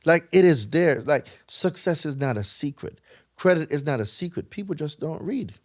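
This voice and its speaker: A man's voice: a little high, expressive, moderate pace. A man with a Jamaican accent, a guest on a casual podcast, explaining credit repair in an emphatic, lecturing way and swearing freely.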